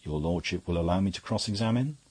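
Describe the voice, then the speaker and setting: A man voicing a calm, probing defence barrister questioning a witness. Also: low-pitched, moderate pace, husky. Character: calm composed male defence counsel.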